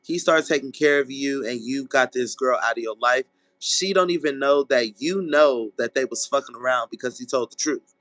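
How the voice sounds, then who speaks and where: A man's voice: mid-range voice, no room sound. A man giving a casual tarot reading. He talks bluntly and swears, and he acts out what people might say. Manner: animated, acts out people's lines in quick voices; blunt and profane, checks in with "okay?". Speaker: tarot reader.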